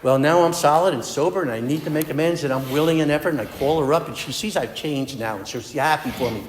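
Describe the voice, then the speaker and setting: A man's voice: a little high, fast, slight background noise. Earnest man speaking in an echoey hall. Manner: earnest, conversational storytelling with restarts. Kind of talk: personal recovery talk. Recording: echoey hall with long reverb.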